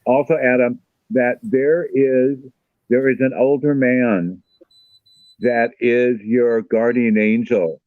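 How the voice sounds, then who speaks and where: Male psychic guest, mid pitch, dull lo-fi audio, dry sound, repetitive and checking in. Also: steady tone, slow, no room sound. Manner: repeats himself, says okay a lot. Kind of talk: casual reading.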